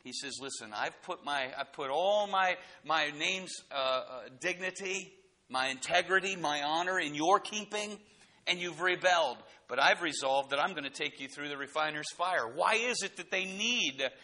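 Bright-voiced man preaching. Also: fairly high pitch, moderate pace. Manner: expository preaching, reads scripture aloud, rhetorical questions. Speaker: pastor. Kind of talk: sermon.

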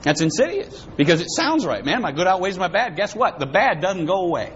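High-voiced preacher, dramatic swings. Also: male voice, sing-song, fairly quick, few pauses. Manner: dramatic, swings from loud to hushed. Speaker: pastor. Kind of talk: sermon. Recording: dull lo-fi with faint hiss.

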